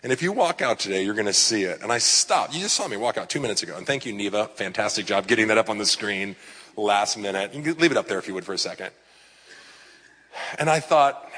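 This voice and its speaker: Bright-voiced pastor in an echoing hall. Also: male voice, on the low side, lively intonation, quick pace, slightly rough. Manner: conversational and personal, with self-deprecating asides. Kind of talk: sermon. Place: church sanctuary with congregation. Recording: live sermon in a reverberant hall.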